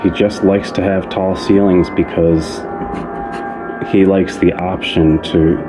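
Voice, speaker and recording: A man hosting a comedy podcast, talking in a halting, filler-heavy, playful way. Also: sits low, fairly even intonation. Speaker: podcast host. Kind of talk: comedy sketch and casual chat. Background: background music.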